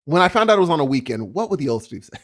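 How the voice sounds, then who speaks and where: A middle-aged man co-hosting a podcast, talking in casual, animated bursts of storytelling. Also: a little high, very fast. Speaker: podcast co-host. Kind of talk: casual chat.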